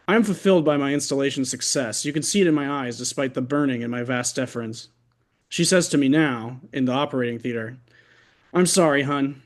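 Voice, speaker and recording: A man at an open mic reading his own fiction aloud over a video call, in a wry, deliberate way. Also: mid-range voice, a little mellow.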